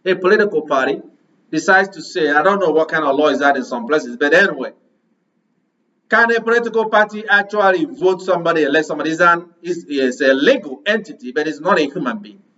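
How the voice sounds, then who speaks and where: A man preaches with a high voice, hammering his congregation with rhetorical questions. He sounds set back from the microphone, and the recording is dull and muffled. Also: lively intonation, fast, sharp tone, recorded from a distance. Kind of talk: sermon.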